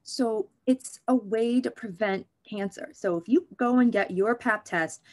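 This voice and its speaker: Unhurried and a little high in pitch, a woman OB/GYN talks as an interview guest about her field with frankness and humor. She's animated and joking in a conversational setting.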